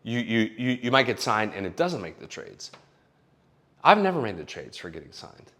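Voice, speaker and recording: A young man, a screenwriter in Los Angeles, giving blunt, casual advice in an animated way, swearing often and restarting his sentences. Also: on the low side, moderate pace.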